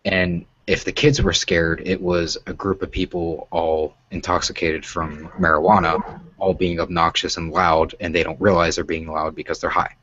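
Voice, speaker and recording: A man's voice: deep voice, flat delivery, moderate pace, a bit bright, slightly rough, muffled recording. An American man in his twenties hosting a casual chat, rambling and profane with many fillers. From United States. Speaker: host.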